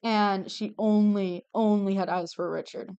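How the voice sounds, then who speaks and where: A woman's voice: medium pitch, steady tone, a little slow, warm tone, smooth, dull audio. A young adult woman streaming while she draws, chatting casually, gushing over characters and swearing freely, often trailing off mid-sentence. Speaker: streamer drawing commissioned art. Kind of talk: casual livestream chat while drawing.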